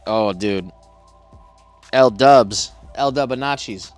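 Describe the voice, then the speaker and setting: A man hosting his plant channel in a casual unboxing vlog, excitable and sprinkling "dude" and "bro" through his talk. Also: mid-range voice, a little slow, soft background music.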